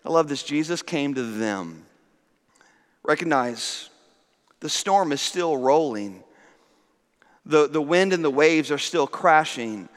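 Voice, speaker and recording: A high-pitched man delivering a sermon with a smooth, resonant voice. He preaches emphatically, repeating phrases and moving between hushed and loud passages. A long hall reverb trails behind his words. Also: lively intonation, slow pace, long pauses. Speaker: pastor.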